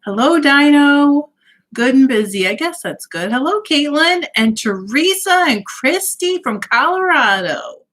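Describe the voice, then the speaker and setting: Woman, friendly livestream host at home, voice a bit high, chatty and upbeat, reads out viewer comments. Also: animated, measured pace, a bit bright. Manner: cheerful, greets viewers by name, laughs often. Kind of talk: casual livestream chat, reading out comments.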